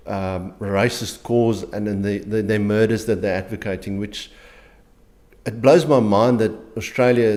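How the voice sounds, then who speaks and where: A middle-aged man from South Africa with a South African accent, an interview guest speaking earnestly and haltingly, with frequent restarts. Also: on the low side, darkish tone. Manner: earnest, halting, many restarts and repeated words. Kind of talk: conversational interview.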